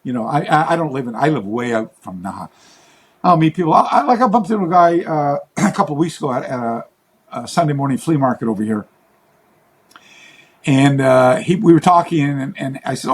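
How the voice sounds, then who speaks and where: Male interviewee, karate teacher, husky voice, lively pitch, rambling anecdotal delivery. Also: normal speed. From Western. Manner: rambling, restarts, acts out quoted voices. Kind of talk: interview storytelling.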